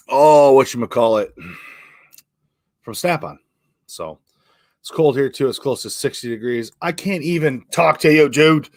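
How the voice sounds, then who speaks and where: A man's voice: lowish voice, no room sound. Guy doing a laid back live chat, lots of ums, dry close sound. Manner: relaxed, rambling, many fillers and restarts. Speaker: livestream host. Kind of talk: casual live chat reading comments.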